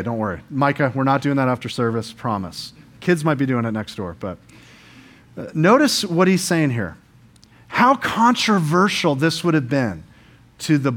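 A man pastor preaching an earnest sermon in church, explaining scripture and sometimes voicing quoted speakers. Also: mid-range voice.

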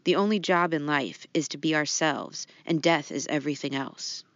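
A woman's voice: deep voice, moderate pace, fairly bright tone, dry recording. A woman co-hosting a podcast, chatting casually and reading out a listener's letter. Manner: laughs easily, casual with fillers. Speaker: podcast co-host. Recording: dry, dull lo-fi sound.

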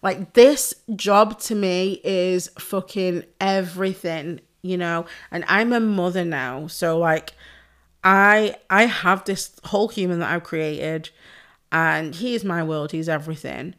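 A woman's voice: lowish voice, slow, a bit bright, clean tone. A woman, a pole dance instructor, talking on a podcast in a heartfelt, effusive way and swearing freely. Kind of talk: casual podcast chat.

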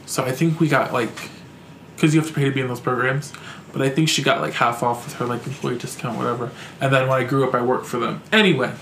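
A man's voice: mid-range voice, fairly even intonation, quick pace, a bit bright, slight background noise. A young man hosting a podcast, telling a story in a casual, profane and exasperated way. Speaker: podcast host. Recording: echoey room.

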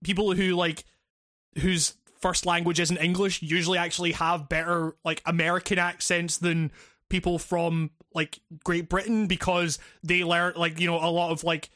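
A man's voice: high voice, flat delivery, normal speed, fairly bright tone, dry recording, studio quality. A man in casual game talk, rambling with many restarts and plenty of swearing.

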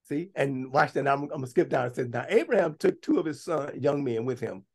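A man's voice: expressive, brisk, breathy edge. A man preaching a sermon, reading scripture aloud and breaking off to comment and stress his points. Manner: bursts to high, loud emphasis at times.

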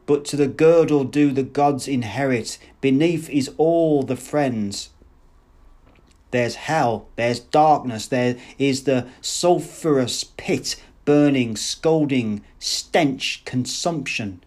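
A man reading aloud, voicing an enraged young man who shouts and recites verse in a rhythmic rant. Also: mid-range voice, takes it slowly, close to an everyday voice. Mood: raving.

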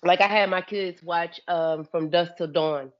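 A middle-aged woman from Philadelphia, a guest in a casual chat, teasing with loud exclamations. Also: fairly low pitch, fairly even intonation, a little slow, lo-fi sound.

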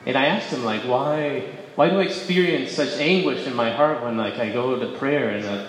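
Man, faith testimony to an audience, conversational and self-correcting, emphatic bursts, middle pitch, big echoey hall, long reverb. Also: moderate pace, a little hiss or hum. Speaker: speaker giving a faith testimony. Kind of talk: personal testimony talk.

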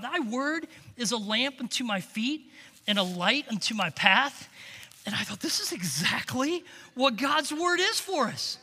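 Bright, high-pitched male preacher in a hall. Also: big pitch swings, a little slow, slightly rough. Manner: storytelling, swings between hushed lines and loud emphatic peaks. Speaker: camp director and preacher. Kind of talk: sermon. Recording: long reverb of a large hall.

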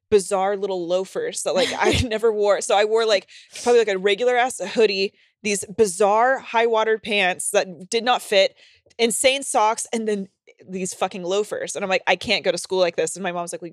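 A woman co-hosting a podcast, telling a self-mocking story in an animated, profane casual way. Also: medium pitch, no echo, clean studio sound. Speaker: podcast co-host.

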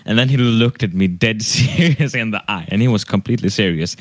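A man's voice: lowish voice, brisk. A young man from Sweden co-hosting a casual podcast, telling a story hesitantly and laughing readily. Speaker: podcast co-host.

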